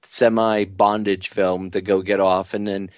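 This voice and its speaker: A man co-hosting a casual podcast, blunt and excitable, with stammering restarts. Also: deep voice, a little slow, dry recording. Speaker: co-host.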